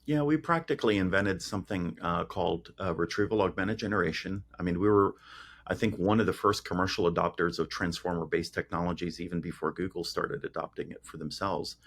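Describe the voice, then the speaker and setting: Deep-voiced man explaining with analogies. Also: a little fast, fairly bright tone. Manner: explains through homely analogies, frequent restarts. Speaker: guest, AI company founder. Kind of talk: casual interview chat.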